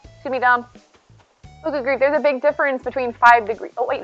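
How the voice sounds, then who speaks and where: A woman live-streaming from her home, chatting casually with her viewers and answering them by name. Her voice sits a little high and wanders from one thought to the next. The sound is dull and lo-fi, as from a modest stream setup. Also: steady tone, fairly quick, pauses often, soft background music. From United States. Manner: chatty, rambling, talks to chat by name. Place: home, indoors.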